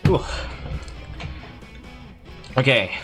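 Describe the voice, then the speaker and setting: A man livestreaming, casually recapping a video game plot in a hurried, rambling way. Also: a bit bright, faint music behind.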